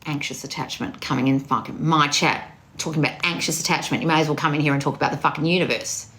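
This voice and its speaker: A woman's voice: deep voice, steady tone, fast talker, fairly bright tone. A woman talking as a manifestation coach, blunt, scolding and heavy on swearing. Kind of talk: confrontational coaching monologue.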